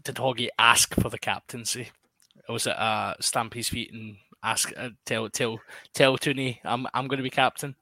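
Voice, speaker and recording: A man's voice: medium pitch, steady tone, moderate pace, sharp tone, no room sound. A man hosting a sports podcast in a wry, casual way, reading out listener comments. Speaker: podcast host.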